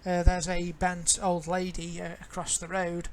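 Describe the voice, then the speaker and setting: A woman running a tabletop game, describing scenes in a loose, unhurried way. She stops and restarts her sentences often. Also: lowish voice, a little hiss or hum, poor audio. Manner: relaxed, halting with fillers and restarts. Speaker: game master.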